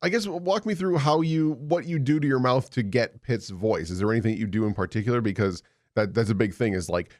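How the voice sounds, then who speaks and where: A man's voice: medium pitch, fairly quick, darkish tone, dry recording, clean studio sound. A man co-hosting a podcast, chatting in an easygoing, conversational way. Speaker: podcast co-host. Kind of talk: casual chat.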